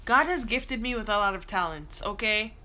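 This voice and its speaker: A woman's voice: medium pitch, lively intonation, moderate pace, bright, forceful tone. A woman hosting a casual livestream, lying down at home, reading viewer comments aloud and answering them in a chatty way. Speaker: livestream host.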